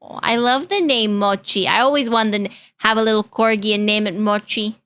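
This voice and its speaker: A young woman streaming, reacting to videos and chatting with her viewers in a joking, deadpan way. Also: mid-range voice, brisk, clean tone. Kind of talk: casual live-stream reaction chat.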